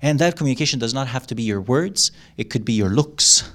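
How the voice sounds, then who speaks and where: A middle-aged man giving a live talk to an audience in a room, animated, acting out lines and laughing often. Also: medium pitch, a little fast. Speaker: workshop speaker.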